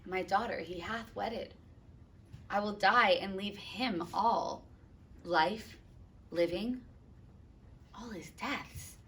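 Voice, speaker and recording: A woman voicing a grieving older nobleman, speaking in a hushed, mournful way. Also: medium pitch, slow pace, long pauses, far from the mic. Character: grief-stricken older nobleman father.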